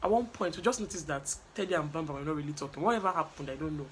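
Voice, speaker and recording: A woman's voice: low-pitched, animated, very fast, a little hiss or hum. Chatty Nigerian woman gossiping. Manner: gossipy, chatty, acts out what people said. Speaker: vlogger recapping a reality show. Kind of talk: animated casual recap with acted quotes.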